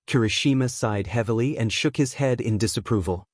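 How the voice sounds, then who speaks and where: A man reading fan fiction aloud as narrator, in a steady storytelling manner. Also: medium pitch, normal speed, hardly any pauses, no echo, clean studio sound.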